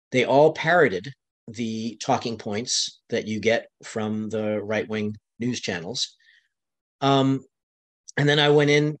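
An American man on a webinar panel, retelling events conversationally, his voice climbing high when he quotes others, with frequent restarts. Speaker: panel guest, county LGBTQ commissioner.

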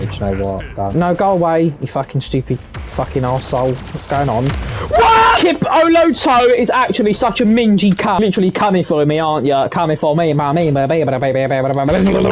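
A young man giving live gameplay commentary, trash-talking and swearing at opponents with sudden excited yelps. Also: mid-range voice. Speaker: gaming streamer. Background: gunfire from the game.

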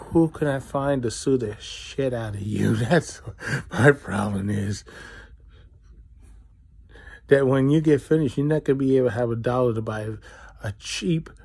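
Indignant rambling man with a mellow voice. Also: medium pitch, no room sound. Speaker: vlogger. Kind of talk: ranting to camera.

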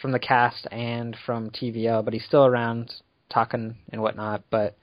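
A man's voice: mid-range voice, normal speed, no echo. A man hosts a casual podcast, loose and rambling, with fillers between his thoughts. His voice is recorded dry and close. The sound is dull and lo-fi. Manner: relaxed, rambling with fillers and laughs. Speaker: podcast host. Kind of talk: casual chat.

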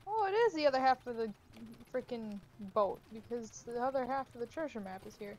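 A woman's voice: a little high, lively intonation, a little fast, darkish tone, rough recording. A young woman chatting casually during a game stream, teasing dryly and swearing now and then. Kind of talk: casual gaming chat.

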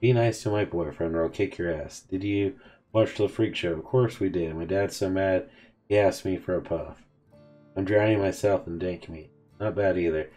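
Soft music plays in the background while a gaming video host reads out a text conversation between characters. His low-pitched, mellow voice moves at a moderate pace, and he reads both sides casually and offhandedly.

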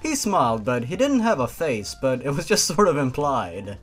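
A man's voice: medium pitch, big pitch swings, moderate pace, few pauses, soft background music. A man giving a comedic dramatic reading and giggling at his own asides. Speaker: comedic fanfic reader.

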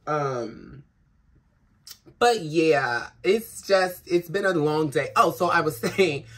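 Her voice is low-pitched with lively intonation, and she takes her time. This trans woman is recording a casual vlog at home in a big city, worn out after crying, talking frankly and rambling with lots of profanity. There's faint city noise behind her.

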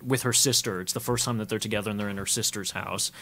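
A man co-hosting a casual film podcast, animated, with lots of "like" and "yeah", sometimes swearing. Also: fairly low pitch, fast talker. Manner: animated, swearing, quotes others in character; says "like" and "yeah" a lot. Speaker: podcast co-host.

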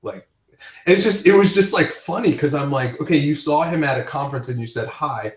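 A man's voice: on the high side, fairly quick. A man hosting a casual chat, telling rambling stories with frequent laughs. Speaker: podcast host. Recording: roomy, distant from the mic.

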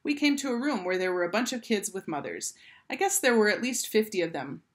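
A woman teacher reading a children's book aloud in a clear, expressive storytelling voice. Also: medium pitch, brisk.

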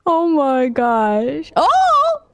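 A woman's voice: high voice, huge pitch swings, very slow, fairly bright tone, no room sound, studio quality. A bubbly woman playing a video game with a friend, giggling and playful. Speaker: co-player. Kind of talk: casual game chat.

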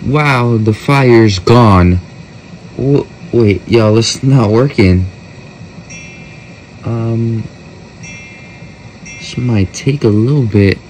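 A man's voice: medium pitch, very slow, long pauses, a little mellow, slight background noise. A man casually commenting on a mobile game, joking, mock-talking to kids and often trailing off mid-sentence. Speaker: gameplay host.

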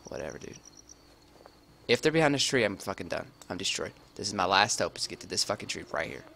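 A man talks over his game in a loose, profane ramble, often sinking to a hushed near whisper. His voice is bright and forward, with faint crickets and outdoor ambience from the game behind him. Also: low voice, sing-song, fast, creaky, a little hiss or hum. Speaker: gamer. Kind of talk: gameplay commentary.

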